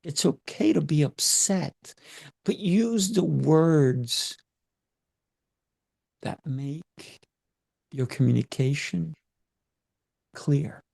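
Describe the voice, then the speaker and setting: A middle-aged man speaking as a podcast guest, deliberate and emphatic, drawing out key words. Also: on the high side, gravelly, a little mellow, breathy edge, no echo, clean studio sound. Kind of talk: measured podcast talk.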